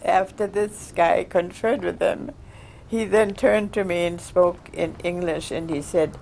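A woman's voice: on the low side, fairly even intonation, gravelly, darkish tone, a little hiss or hum. Older woman recalling earnestly. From Germany. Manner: earnest, heartfelt recollection with halting restarts. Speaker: survivor giving testimony. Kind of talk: personal storytelling.

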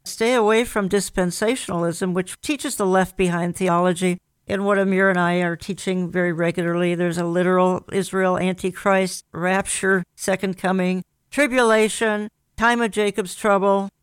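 A man's voice: sits high, fairly even intonation, moderate pace, smooth, no room sound. A man hosting a religious talk program, speaking directly and conversationally to his listeners. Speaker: radio program host.

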